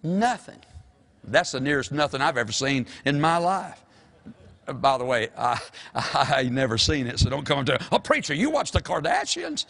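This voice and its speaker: A man's voice: mid-range voice, moderate pace, vocal fry. An older man, preaching a folksy sermon as pastor and calling out to the congregation. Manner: folksy, animated preaching with call-and-response.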